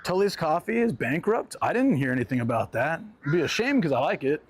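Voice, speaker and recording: A man whose slightly high voice swings widely in pitch talks a little fast on a live stream from outside, easygoing and rambling, laughing frequently. Slight background noise is audible.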